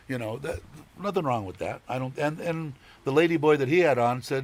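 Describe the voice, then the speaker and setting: A man's voice: on the high side, a little fast. Guy rambling on his live stream, casual swearing, lots of little chuckles. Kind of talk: casual chat.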